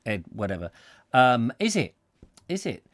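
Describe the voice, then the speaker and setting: A man's voice: mid-range voice, sing-song, a little slow. A man hosting a live comic chat show, rambling and joking while reading out viewer comments. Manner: rambling, jokey, thinking aloud. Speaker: host.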